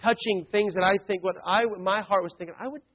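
High-voiced preacher on a tinny line. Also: male voice, fast. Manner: emphatic, swings between loud and hushed. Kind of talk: sermon with storytelling. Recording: tinny phone-like sound.

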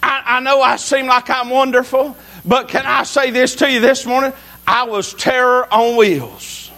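A man's voice: extremely high pitch, fairly even intonation, a little slow, pushed and bright. A man preaching a sermon to a church congregation, folksy and emphatic, calling out to his listeners again and again. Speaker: pastor. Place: church service.

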